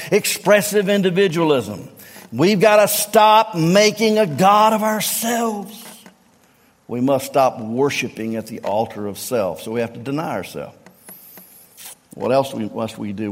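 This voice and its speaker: A middle-aged man with a Southern US accent preaching a sermon, emphatic, repeating refrains and swinging from low tones to near-shouts. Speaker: pastor. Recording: long reverb of a large hall.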